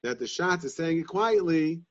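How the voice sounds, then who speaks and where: Guy thinking out loud in a torah class, repeats himself, muffled recording. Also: a little high, expressive. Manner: halting, repeats phrases while reasoning. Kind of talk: Talmudic lesson, thinking aloud. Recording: dull lo-fi sound.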